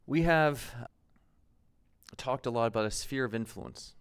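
Smooth-voiced male pastor preaching. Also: mid-range voice, measured pace. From United States. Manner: conversational, self-deprecating, laughs at himself. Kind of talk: sermon.

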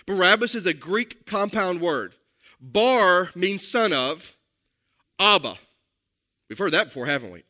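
A male pastor with a high, bright voice delivers a sermon. He speaks emphatically and keeps turning to the congregation with direct questions. His tone stays lively and forceful.

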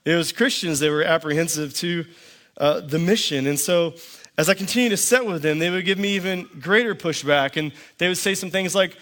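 A man's voice: fairly high pitch, brisk, a bit bright. Dry-humored man preaching a sermon. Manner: dry storytelling with quoted back-and-forth. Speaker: pastor.

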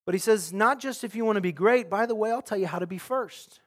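High-voiced preaching man, loud and hushed. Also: fast. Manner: earnest preaching, swings from loud emphasis to hushed. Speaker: pastor. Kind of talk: sermon.

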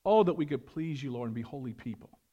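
A male pastor preaching a sermon, animated, swinging between loud emphasis and hushed, prayerful tones. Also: mid-range voice, quick pace, highs cut off.

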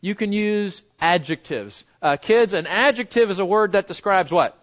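A man teaching a Bible lesson in a conversational way, often repeating words and slowing down to stress key phrases. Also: high voice, lively intonation, fairly bright tone, muffled recording.

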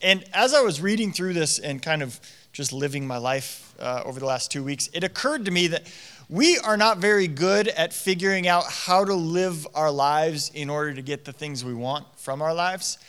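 A man in his thirties preaching a conversational sermon, telling stories in a lively, casual way with lots of "like" fillers. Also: a little high, moderate pace, smooth. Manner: animated storytelling with frequent "like" fillers.

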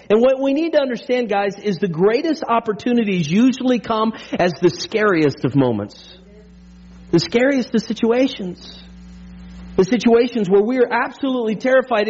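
A man with a notably high voice preaching a sermon to his congregation. He talks in an energetic, chatty way, throwing in jokes and quick "right?" checks. The recording sounds dull and lo-fi. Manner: energetic and conversational, with frequent "right?" asides; playful humor and pop-culture jokes. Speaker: pastor.

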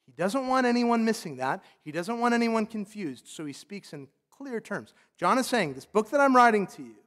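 A man's voice: sits high, very animated, moderate pace, fairly bright tone. A man preaching a sermon as a pastor, emphatic and loose, often saying "like".

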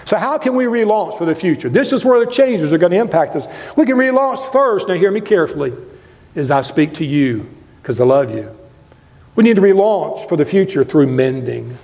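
An older man preaching a sermon as a guest preacher in a church, impassioned, swinging between loud highs and quiet lows. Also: gravelly. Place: church sanctuary. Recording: long reverb of a church hall.

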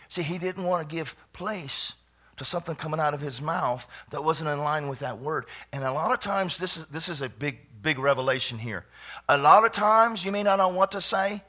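A man preaching a sermon, animated, with frequent repeated phrases, dropping to soft asides and building up to shouts. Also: a little high. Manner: laughs often, repeats phrases. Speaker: pastor.

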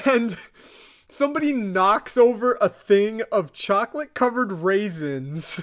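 A man co-hosting a podcast, casually retelling a TV episode with animated asides and frequent laughter. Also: a little slow. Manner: animated retelling, acts out quotes in high voices, laughs often. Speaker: podcast co-host. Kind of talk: casual recap chat.

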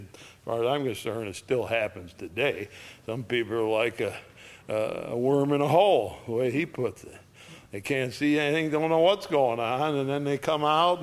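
A man preaching a sermon in a slow, folksy way, repeating phrases and lifting his voice at high points. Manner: slow, folksy, repetitive preaching with sudden lifts in voice. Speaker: pastor.

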